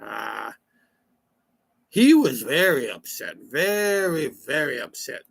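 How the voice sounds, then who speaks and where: A man playing a rambling country cousin, telling a comic story in a slow, folksy way. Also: on the high side, big pitch swings, creaky, a bit bright, dry recording, exaggerated voice. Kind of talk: comic character monologue.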